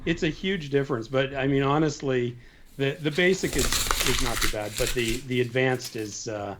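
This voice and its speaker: A man from Canada, a guest on a live stream, explaining drone exams in a relaxed way with lots of fillers. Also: mid-range voice, moderate pace, heavy background noise. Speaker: guest, drone exam instructor. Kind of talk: casual chat on a video call. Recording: dull lo-fi remote call audio.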